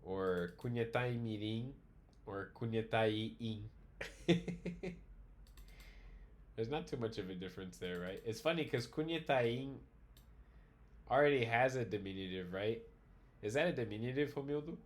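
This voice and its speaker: Male instructor, measured pace, casual teaching tone with light laughs. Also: mid-range voice. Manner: thinking aloud, frequent "right?" checks and soft laughs. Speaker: language teacher. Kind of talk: online language class discussion.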